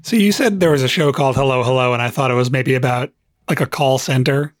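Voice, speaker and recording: A man appearing as a guest on a comedy podcast, cracking teasing, deadpan jokes in casual chat. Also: mid-range voice, fast talker, dry recording, studio quality.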